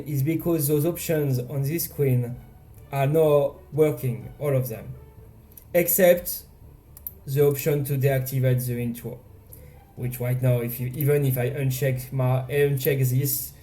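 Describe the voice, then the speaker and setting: A man with a French accent casually narrating his indie game devlog, self-deprecating and halting with frequent restarts. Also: mid-range voice, mellow. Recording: faint game music behind.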